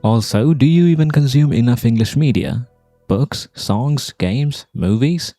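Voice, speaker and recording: A man from India with a light Indian accent delivering scripted commentary, deliberate and emphatic, full of rhetorical questions. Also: mid-range voice, lively intonation, mellow, dry recording, faint music behind. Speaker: video essayist.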